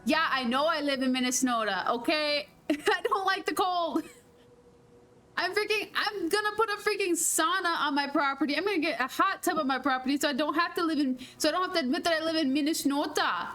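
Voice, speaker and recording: Brief: chatty woman game streamer, playful and giggly, high voice. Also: expressive, fast, hardly any pauses, pushed and bright. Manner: chatty, laughs often, playful mild cursing. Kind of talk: casual gameplay chat.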